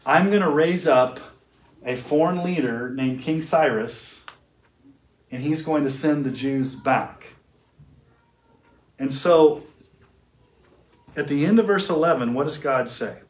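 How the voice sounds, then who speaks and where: A man giving a classroom theology lecture. He asks questions, answers them himself, and slows down to stress key words. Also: fairly high pitch. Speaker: teacher. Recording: echoey room.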